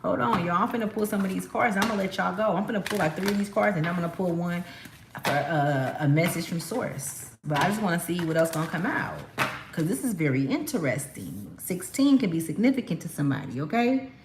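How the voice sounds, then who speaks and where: A woman's voice: lowish voice, animated, a little fast, noisy background. A woman from California giving a casual spiritual card reading, talking emphatically to her viewers in a chatty, slangy way. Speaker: tarot card reader. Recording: echoey room.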